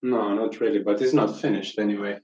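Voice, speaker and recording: A man, a painter, talking in a soft, hesitant way during a casual chat. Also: lowish voice, steady tone, brisk, echoey room, dull audio.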